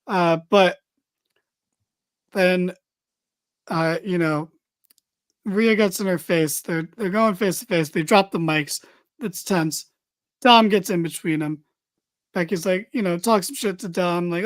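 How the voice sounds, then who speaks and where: A man's voice: sits high, unhurried, no echo. A man hosting a casual wrestling podcast, recapping a show in a loose, chatty way with lots of fillers and the odd swear.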